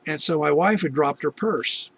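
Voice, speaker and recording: A man's voice: on the high side, normal speed, gravelly, fairly bright tone, breathy edge. A middle-aged man from the United States telling a personal faith testimony, rambling with many restarts and asides. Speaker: video testimony host.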